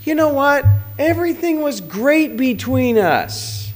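A preacher putting on a whiny, blaming Adam. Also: male voice, very high-pitched, big pitch swings, takes it slowly, faint music behind, voice pushed up, exaggerated voice. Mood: indignant whining. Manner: complaining, indignant. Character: Adam, first man, whiny, blaming, self-pitying.

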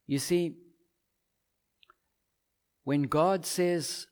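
A man's voice: sits high, animated, slow. A man preaching a sermon, emphatic and driving his points home with rhetorical questions.

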